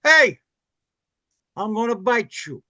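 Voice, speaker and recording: A man's voice: extremely high pitch, sing-song, takes it slowly, sharp tone, dry recording, pitched above the performer's own voice, full character voice. A man doing an impression of a tough, menacing man playing a shark, taunting with tough-guy swagger.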